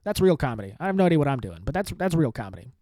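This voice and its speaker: A man's voice: a little high, big pitch swings, racing, mellow, no room sound. Sarcastic, rambling male comedian. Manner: sarcastic, self-mocking, says "dude" often. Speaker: comedian and podcast host. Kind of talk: rambling solo podcast sign-off.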